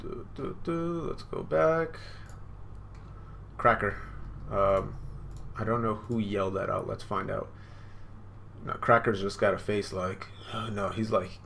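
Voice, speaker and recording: A man's voice: lowish voice, gravelly, a bit bright, a little hiss or hum. A man hosting a live manga reaction, rambling and unsure, with lots of fillers.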